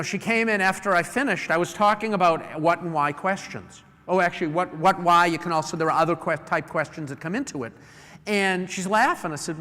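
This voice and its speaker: Middle-aged male speaker from New England, pitched high, lively and anecdotal, live in a big echoing hall. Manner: lively storyteller who acts out customer calls. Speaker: conference speaker. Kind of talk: live presentation to an audience. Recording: long hall reverb.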